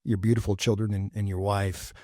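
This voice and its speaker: A man's voice: lowish voice, little pitch movement, darkish tone, dry recording, studio quality. A man hosting a podcast interview, talking in a reflective, personal way. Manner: reflective, personal, pauses to think. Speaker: podcast host. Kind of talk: casual interview chat.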